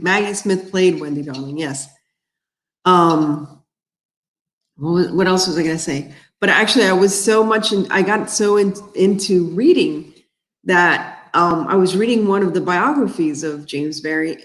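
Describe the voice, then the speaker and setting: An author from Miami hosts a casual crafting livestream, chatting and rambling as she answers viewer comments. Her voice is fairly low and sounds reverberant.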